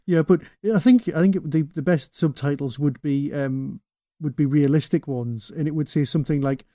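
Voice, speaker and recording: A man's voice: fairly high pitch, fairly even intonation, normal speed, mellow, no echo, studio quality. A man co-hosting a podcast, giving wry, opinionated takes in casual chat. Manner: opinionated, wry, explains plainly. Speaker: podcast co-host.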